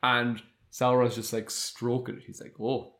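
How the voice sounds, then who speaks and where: A man co-hosting a podcast, recapping a TV episode in casual chat and acting out quoted lines as he goes. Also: mid-range voice. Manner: animated retelling with quick quoted asides. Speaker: podcast co-host.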